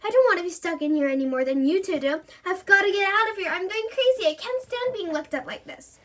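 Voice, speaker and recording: A woman reading aloud, voicing a lively, sensible girl adventurer. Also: high-pitched, fast talker.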